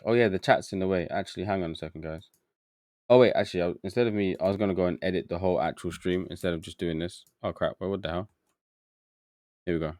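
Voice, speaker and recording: A man streams a game live, his low voice recorded dry and close. He mutters through his confusion, reads bits aloud and talks casually with his viewers. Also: darkish tone, no room sound. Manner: muttering to himself, easily confused, chatty with chat. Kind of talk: live gameplay commentary.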